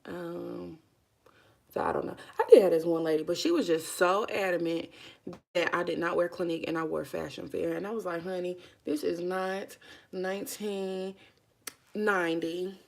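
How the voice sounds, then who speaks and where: A woman's voice: lowish voice, steady tone, fairly quick, gravelly. A woman, chatting casually through a makeup tutorial and calling her viewers y'all and honey. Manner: chatty, folksy, says y'all and honey a lot. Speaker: beauty vlogger.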